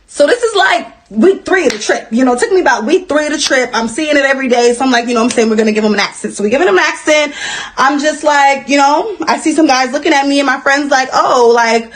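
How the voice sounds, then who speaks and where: A woman's voice: high-pitched, quick pace, slight background noise. A young woman telling a story-time vlog in a chatty, dramatic way. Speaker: storyteller in a played clip.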